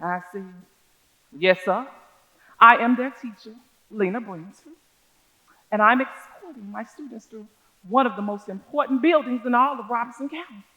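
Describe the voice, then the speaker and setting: An actress in a one-woman stage show, playing a proud older schoolteacher from who tells her story in a measured, folksy way. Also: fairly high pitch, a bit bright, lo-fi sound, natural voice. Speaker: stage performer. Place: theater stage.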